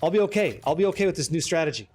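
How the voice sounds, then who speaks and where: A man streaming a game live, excitable and profane as he banters with his chat. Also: a little high, very fast, slightly rough. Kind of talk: live gameplay commentary chatting with viewers.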